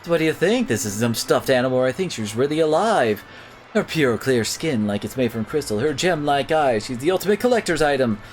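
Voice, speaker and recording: A man voicing a loud, theatrical male carnival barker in a game who hawks his exhibit, with faint music behind. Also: medium pitch, lively intonation, fairly quick, lightly acted. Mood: showy. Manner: theatrical, hawking.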